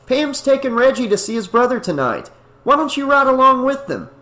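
A man's voice: very high voice, sing-song, a little fast, pushed and bright, pitched above the performer's own voice, exaggerated voice. A man voicing a blunt, frustrated male caretaker in an audiobook reading.

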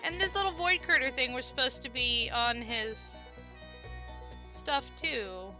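A woman's voice: high voice, measured pace, sharp tone, faint music behind. A woman streaming a life-sim game, chatting casually and coaxing the characters on screen. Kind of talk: casual gameplay commentary.

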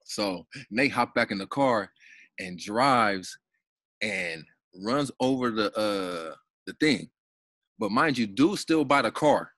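A man's voice: fairly low pitch, animated, takes it slowly, a bit bright. Basketball guy on a podcast telling stories, slangy, curses a lot, keeps restarting. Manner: loose, slangy, swears freely, repeats words. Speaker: podcast guest, pro basketball player. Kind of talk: casual storytelling.

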